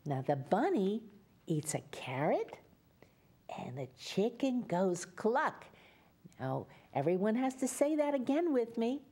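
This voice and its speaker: A woman's voice: a little high, sing-song, a little slow, warm tone, slightly rough. A woman from Louisiana with a Louisiana accent, reading a story aloud to young children in a sing-song, coaxing way.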